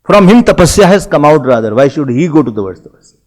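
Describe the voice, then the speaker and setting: A man's voice: a little high, fast talker. A man with an Indian English accent giving a spiritual sermon, telling stories and voicing the figures in them. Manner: animated storytelling, voicing figures in dialogue. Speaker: spiritual teacher.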